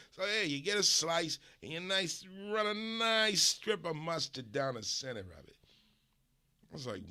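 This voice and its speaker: A man from the US West Coast hosts his stream with a loose, profane comedic rant about food. His voice runs a bit high for a man, bright and forceful, and he hammers his points with emphatic swearing. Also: animated, moderate pace, creaky. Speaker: streamer host.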